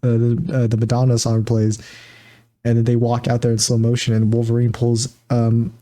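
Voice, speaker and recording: A man with a mellow, low-brightness voice chats casually on a podcast. He retells a movie scene by scene, stumbling over words and circling back, with the easy looseness of friends talking. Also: monotone. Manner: rambling, halting retelling with fillers and silly voices. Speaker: podcast co-host. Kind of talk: casual chat recapping a movie.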